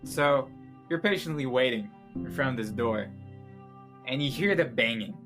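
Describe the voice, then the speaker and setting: Man, game master, casual tabletop narration, mid pitch, soft music behind. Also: moderate pace. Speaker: dungeon master.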